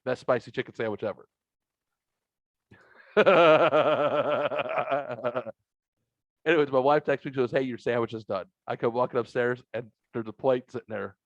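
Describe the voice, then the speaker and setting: A man co-hosting a podcast, telling profane, exaggerated comic stories in a casual, animated way. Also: medium pitch, dry recording, lo-fi sound. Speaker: podcast co-host. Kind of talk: casual comedic storytelling.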